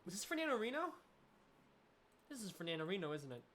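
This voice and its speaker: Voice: mid-range voice, big pitch swings, fast talker, a bit bright. A game developer giving casual playthrough commentary, joking, swearing and reading the game's dialogue aloud.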